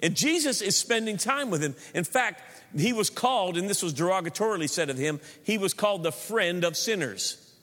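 A man with a high voice preaches a sermon, ringing out through a long-reverb church hall. He drives points home with emphatic repetition and breaks into joking asides. His delivery stays animated and punchy. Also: moderate pace. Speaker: pastor.

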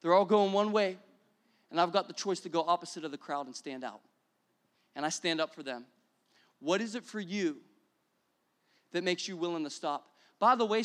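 A young man preaching a sermon as pastor, energetic and repetitive, building to exclamations. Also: high-pitched.

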